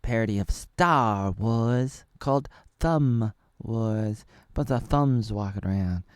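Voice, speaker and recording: A man's voice: lowish voice, slow, clear, resonant tone, dry recording, studio quality. A man in his thirties from Oregon, rambling through a jokey episode review, full of fillers and silly asides. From Oregon, United States. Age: 30s. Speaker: video reviewer.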